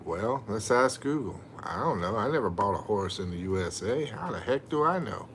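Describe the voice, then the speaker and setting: A man's voice: on the low side, expressive, normal speed, fairly bright tone, slight background noise. A middle-aged man, chatting casually on a livestream and reading viewer comments aloud with jokes. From USA. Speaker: livestream host.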